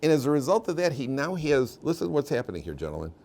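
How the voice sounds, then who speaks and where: Man, rabbi lecturing, animated storyteller, repeats and restarts, mid-pitched voice. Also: quick pace, creaky. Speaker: rabbi teaching a weekly class. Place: yeshiva classroom.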